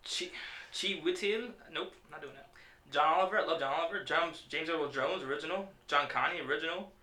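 A man's voice: a little high, brisk, pushed and bright. A man hosting a podcast in casual chat, rambling and cursing, stumbling over names. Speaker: podcast host. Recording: echoey room.

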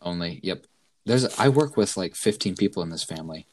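Low-voiced man telling work stories. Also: brisk, a little hiss or hum. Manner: animated storyteller, acts out coworkers' voices. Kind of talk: casual chat.

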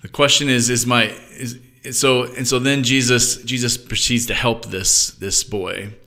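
A man teaches a reflective Bible study, thinking aloud and frequently restarting his sentences as he muses. His medium-pitched voice is steady and a little slow, with a sharp tone.

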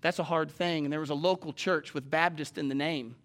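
A man preaching a sermon to a live congregation, animated and jumping up to loud exclamations and acted-out quotes. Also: a little high, brisk. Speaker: pastor. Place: church sanctuary with a live congregation.

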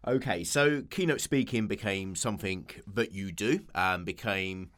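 A man's voice: fairly low pitch, a little slow, fairly bright tone. A man hosting an interview, asking questions and dropping short dry quips. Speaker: interviewer host. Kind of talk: casual interview chat.

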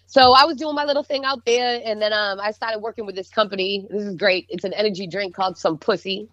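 Woman with a Boston accent, a DJ guest, animated and profane, middle pitch, slightly muffled dry recording. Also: fast, no room sound. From Boston North Shore. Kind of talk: casual podcast chat.

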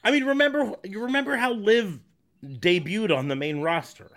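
A man's voice: sits high, normal speed, a bit bright. A man co-hosting a podcast, arguing opinions in casual chat about wrestling storylines. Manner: opinionated, argumentative. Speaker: podcast co-host.

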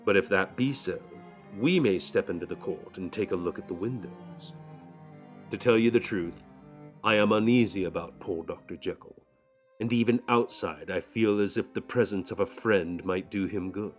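Guy doing a friendly serious lawyer, kinda brisk, audiobook voice. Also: low-pitched, soft background music, close to an everyday voice. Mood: concerned. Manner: brisk, good-natured. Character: earnest middle-aged male lawyer.

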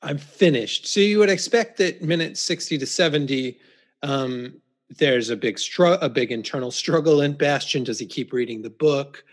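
A man co-hosting a podcast, chatting casually about a film with a wry, deadpan delivery and plenty of "uh" and "um". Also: a little high, normal speed. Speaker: podcast co-host.

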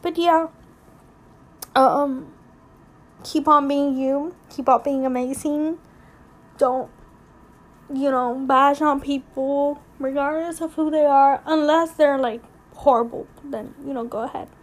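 A woman's voice: high-pitched, fairly even intonation, slow, long pauses. A young woman hosting a casual solo podcast, rambling candidly with lots of fillers and getting emotional, close to tears. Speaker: podcast host.

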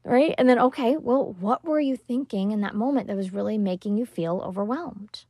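On her motivational parenting podcast, this woman speaks at normal speed in a slightly high, husky voice, captured with studio quality and no room sound. She's emphatic and casual, occasionally swearing, and dramatizes what stressed-out moms tell her.

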